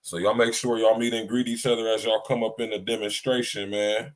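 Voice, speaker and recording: A male podcast host chats casually and bluntly, full of slang, repeating himself and often tacking on "you hear me". His voice is on the low side with little pitch movement, and he talks fairly quickly.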